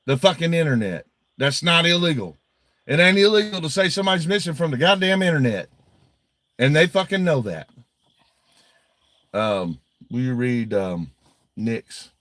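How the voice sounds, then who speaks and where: A man's voice: on the high side, very animated, moderate pace, pauses often, fairly bright tone, no echo. A man hosting a casual livestream, blunt and heavily profane, often agitated as he reads viewer donations.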